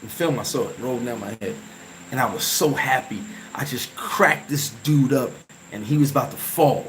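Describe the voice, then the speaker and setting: A man hosting a vlog, telling an emotional story from his playing days in a casual, animated way, full of restarts and sound effects. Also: mid-range voice, normal speed, slight background noise, rough recording. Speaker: vlog host.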